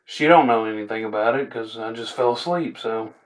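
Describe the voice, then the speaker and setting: A man's voice: mid-range voice, brisk. A young man, telling funny stories in a rambling, laid-back way with chuckling asides. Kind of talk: casual storytelling.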